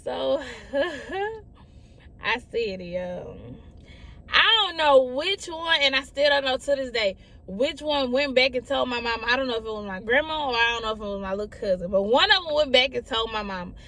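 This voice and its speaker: A young woman with a somewhat high voice, sharing a personal story to camera. She talks casually and repeats her lines for emphasis. She keeps turning to address her audience directly. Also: expressive, normal speed, sharp tone. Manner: chatty, repeats phrases, often addresses listeners as y'all. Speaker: storyteller vlogger.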